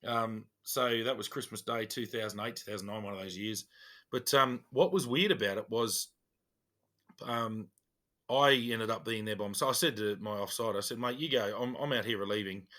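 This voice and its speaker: An Australian man co-hosting a podcast, telling old police stories in a relaxed, chatty way. His voice is bright and forceful, and he brings the tales to life by acting out what people said. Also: on the low side, moderate pace. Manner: animated, acts out dialogue in his stories. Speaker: podcast co-host, police officer. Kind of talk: casual storytelling chat.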